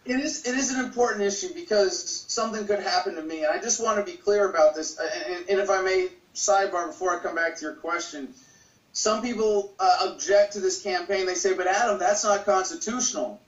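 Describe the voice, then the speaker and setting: A man's voice: high voice, fairly quick, dull audio. A man speaking as an interview guest, passionate and argumentative, pressing his points with repeated words. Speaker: guest, political campaigner. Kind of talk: emphatic interview answers. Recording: distant echoey room sound.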